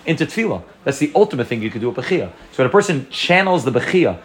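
A man's voice: medium pitch, very animated, very fast. A man teaching a Torah class, explaining at length with frequent restarts and Hebrew terms mixed into his English.

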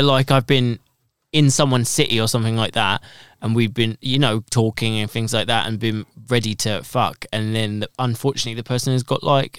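A man's voice: mid-range voice, smooth, dry recording, studio quality. A man co-hosting a podcast, talking earnestly and thinking aloud. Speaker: podcast co-host. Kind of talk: casual chat.

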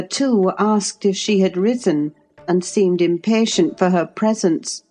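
A woman narrating an audiobook in a measured, even storytelling manner. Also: on the low side. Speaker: audiobook reader.

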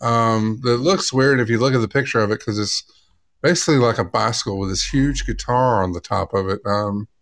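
A man co-hosting a casual podcast, polite and quick to exclaim, reading an article aloud haltingly. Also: on the low side, a bit bright. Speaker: podcast co-host. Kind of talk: casual chat.

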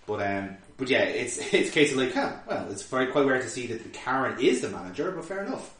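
A man's voice: medium pitch, fast talker. A man co-hosting a podcast, casually recapping an episode with swearing and laughter. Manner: animated, swearing, laughing storyteller. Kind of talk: casual chat. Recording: roomy, distant mic.

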